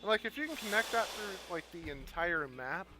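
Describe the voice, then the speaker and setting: A man's voice: high voice, expressive, moderate pace. A man playing on a gaming stream, explaining what he does in a laid-back, rambling way. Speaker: co-host playing the game on stream. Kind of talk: casual chat while gaming. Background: loud game music.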